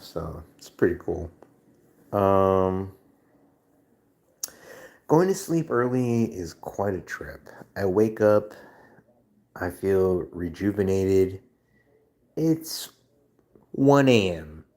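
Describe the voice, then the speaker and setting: A man's voice: deep voice, expressive, slow pace, pauses often, a little mellow, reverberant. A man live streaming in casual chat, rambling and profane, full of slang.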